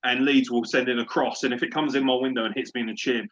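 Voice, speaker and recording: A man's voice: medium pitch, steady tone, fast, fairly bright tone. A man hosting a sports podcast, ranting and swearing at a refereeing decision in casual chat. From Britain. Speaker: podcast host. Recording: dull lo-fi podcast audio.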